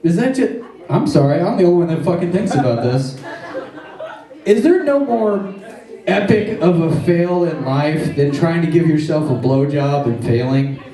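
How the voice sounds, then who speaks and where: A man's voice: on the high side, animated, moderate pace, mellow. A man doing a stand-up comedy set on a stage, telling crude, rambling jokes with self-deprecating asides. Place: comedy stage before a live audience. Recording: echoey room, mic at a distance.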